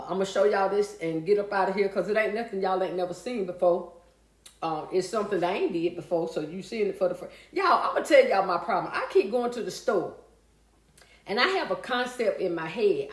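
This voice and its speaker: A woman hosting a casual livestream, chatting with viewers and reading out their comments in a folksy way. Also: mid-range voice. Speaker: livestream host. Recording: echoey room.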